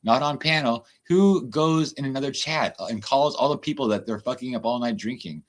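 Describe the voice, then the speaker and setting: A man's voice: mid-range voice, normal speed. A man ranting and swearing on a livestream, chatting loosely with his viewers. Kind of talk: livestream rant.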